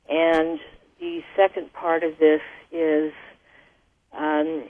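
Hesitant caller on a tinny phone line. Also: mid-range voice. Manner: hesitant, halting. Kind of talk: phone-in question. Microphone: telephone.

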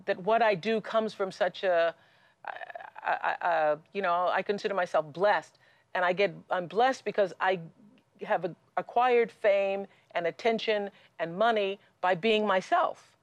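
Middle-aged woman host chatting in a studio, animated storyteller, keeps restarting, mid-pitched, dry close sound. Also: dry recording. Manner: lively and storytelling, with many restarts and laughs. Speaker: talk show host. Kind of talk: studio conversation with a guest. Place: television studio.

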